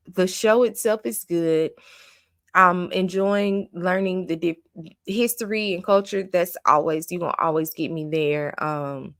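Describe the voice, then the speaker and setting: A woman's voice: medium pitch, fairly bright tone, no room sound, studio quality. Blunt woman ranting over a reality recap. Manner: blunt, opinionated, exasperated ranting. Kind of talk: casual recap commentary.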